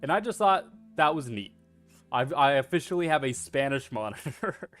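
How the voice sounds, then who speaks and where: A man's voice: on the high side, lively intonation, moderate pace, a bit bright, soft background music. A man streaming a video game, chatting casually in a rambling, self-deprecating way and swearing freely. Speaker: VTuber streamer.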